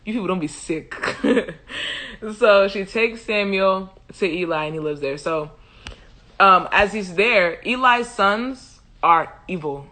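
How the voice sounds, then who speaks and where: A woman hosting a casual livestream Bible commentary, animated and joking with slangy asides and frequent laughter. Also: medium pitch, slow. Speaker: host.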